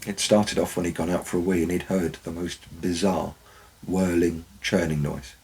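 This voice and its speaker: Very deep, husky-voiced man telling stories. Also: steady tone, normal speed, a little mellow, rough recording. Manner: dry, wry anecdotal storytelling. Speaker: former forest warden. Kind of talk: storytelling narration.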